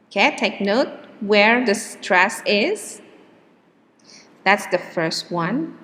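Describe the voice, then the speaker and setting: A woman teaching English word stress, saying each model word slowly and deliberately between hesitant fillers. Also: mid-range voice, animated, a bit bright, big-room sound. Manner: slow, drawn-out model words with hesitant fillers. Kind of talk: pronunciation lesson.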